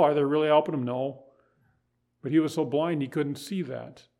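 A man's voice: on the high side, moderate pace, creaky, darkish tone. Man preaching an emphatic sermon. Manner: emphatic preaching with rhetorical questions. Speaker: pastor.

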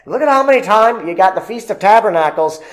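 A man delivers a church sermon in a somewhat high-pitched voice. He stumbles through fillers and restarts as he explains the verses, and reads the scripture in old-fashioned wording. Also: expressive, low-quality recording. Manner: halting, with many fillers and restarts. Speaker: preacher.

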